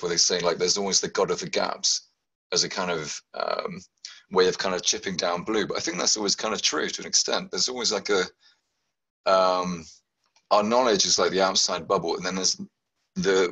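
Deep, husky man musing hesitantly. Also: normal speed, bright, forceful tone, rough recording. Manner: hesitant, heavy use of "like" and "kind of". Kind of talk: casual group discussion.

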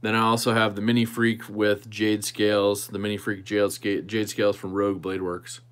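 A man's voice: fairly low pitch, little pitch movement, moderate pace, clean tone. A man hosting a knife channel livestream, chatting casually with viewers and thinking aloud while he tinkers with a knife.

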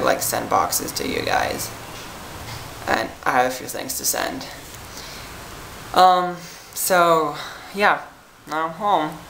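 A young adult from Italy rambles through a casual vlog, worn out and filling every pause with "like" and "um". The voice is bright with a gravelly fry underneath. It is recorded in an echoey room with a faint hum behind it. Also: medium pitch. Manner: rambling, chatty, lots of "like" and "um". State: tired. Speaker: vlogger. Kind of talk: casual vlog chat to viewers.

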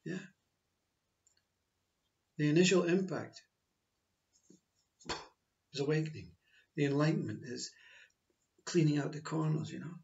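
Slow, reflective man teaching spirituality. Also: a little high, expressive, gravelly, darkish tone, lo-fi sound. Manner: slow, reflective, repetitive phrasing. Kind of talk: spiritual monologue.

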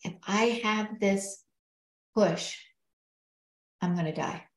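A woman's voice: medium pitch, slow pace. A middle-aged woman earnestly telling a personal story in conversation, reflective and quoting others as she goes. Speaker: guest telling her story. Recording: roomy echo.

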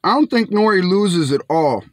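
A man's voice: sits high, lively intonation, moderate pace, no echo. A young man casually reviewing canned fish outdoors, chatty and laid-back, often calling viewers his friends. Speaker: food reviewer. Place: outdoors in bright sun.

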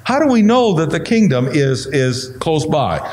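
A pastor whose voice is going hoarse, teaching a Bible study in a conversational way and asking the listeners questions. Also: male voice, fairly high pitch, big pitch swings, measured pace, darkish tone, a little hiss or hum.

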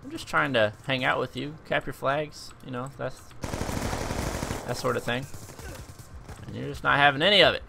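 A young man giving joking, excitable commentary over his own gameplay as a video host. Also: medium pitch, normal speed, vocal fry, long pauses, heavy background noise. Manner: animated, joking, exclaims at the game.

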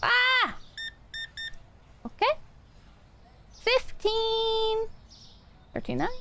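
High, lively, swearing woman streamer. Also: drawn-out words, background noise. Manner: chaotic, swearing, self-mocking, talking to chat while playing. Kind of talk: casual gaming stream chat.

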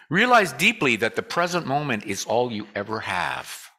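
Bright-voiced man giving a lively casual sermon. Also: mid-range voice, normal speed, few pauses. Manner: joking, conversational, leads call and response. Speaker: guest speaker. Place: church sanctuary.

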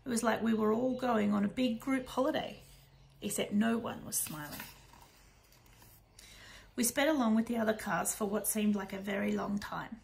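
A woman narrating a children's novel in the first person, in a hushed, soft delivery. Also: mid-range voice, gravelly, rough recording. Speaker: audiobook narrator.

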